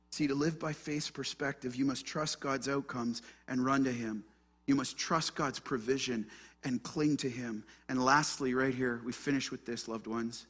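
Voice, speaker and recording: A man preaching a sermon, earnest and emphatic, moving from hushed prayer to loud stress. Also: mid-range voice, fairly even intonation, normal speed, husky. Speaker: pastor.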